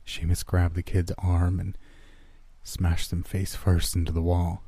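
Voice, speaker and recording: A man reading a first-person horror story aloud in a low, steady, grim manner. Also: a little slow, slightly rough, no echo.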